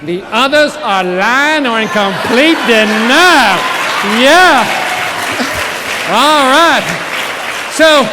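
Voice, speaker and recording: A man giving a live motivational sales keynote, telling stories and working the crowd with call-and-response. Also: extremely high pitch. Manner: animated storyteller, works the crowd with call-and-response. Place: large event hall with a live audience. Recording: reverberant hall, live audience, faint noise.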